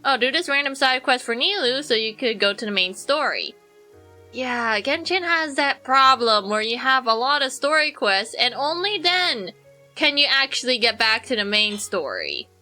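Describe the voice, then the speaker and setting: Bright, chatty young woman streamer. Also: sits high, very animated, normal speed, soft background music. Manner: chatty, rambling, jokey asides to chat. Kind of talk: casual gameplay commentary.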